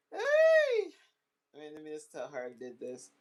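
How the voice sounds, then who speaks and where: A middle-aged woman hosting a casual livestream chat, chatty and animated, often laughing and teary-eyed. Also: a bass voice, dull audio, background noise. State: tearing up. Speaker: livestream host.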